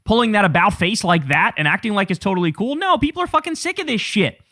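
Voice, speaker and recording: A man's voice: high voice, expressive, fast talker, sharp tone, no echo, clean studio sound. A man hosting a political commentary show, ranting in a profane, sarcastic, fired-up way.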